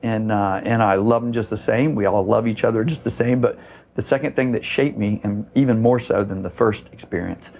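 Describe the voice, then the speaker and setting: A lowish, darkish voice with vocal fry and fairly even intonation belongs to a middle-aged man from Florida, USA, who owns a surf shop. He talks fairly quickly through a long, filler-heavy story in a casual podcast interview, voicing the people he quotes, with slight background noise.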